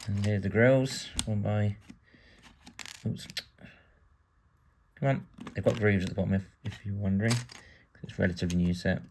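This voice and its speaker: A man's voice: lowish voice, fairly even intonation, moderate pace, long pauses, a little mellow, slight background noise. A British man from the UK giving casual build-along narration as a vlogger, chatty and full of wry asides while he works. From United Kingdom.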